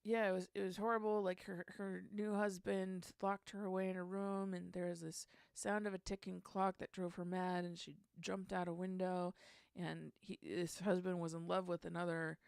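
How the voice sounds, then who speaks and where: A woman's voice: on the low side, creaky, clear, resonant tone, dry recording. A woman hosting a casual songwriting session, thinking aloud and trying out lyric lines under her breath.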